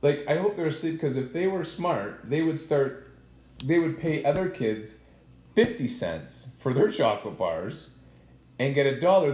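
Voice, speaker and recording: A man co-hosting a casual podcast, teasing and exclaiming as he argues his side. His pitch swings a lot as he talks. The room gives his voice a noticeable echo. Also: normal speed, a little hiss or hum. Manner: animated, teasing, jokey exclamations. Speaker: podcast co-host. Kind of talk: casual bickering chat. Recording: echoey room.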